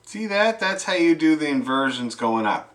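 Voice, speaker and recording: A middle-aged man leads a fiddle lesson in an unhurried, folksy way. His voice is fairly high and lively, and he calls out notes loudly over his own playing. Loud fiddle music runs behind him. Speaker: fiddle teacher. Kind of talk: online group music lesson.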